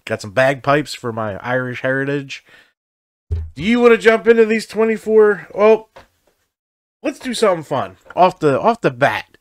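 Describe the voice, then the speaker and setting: A man's voice: a little high, very animated, normal speed, no echo. A man co-hosting a chatty podcast from his home studio, rambling and swearing casually. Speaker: podcast co-host. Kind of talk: casual chat.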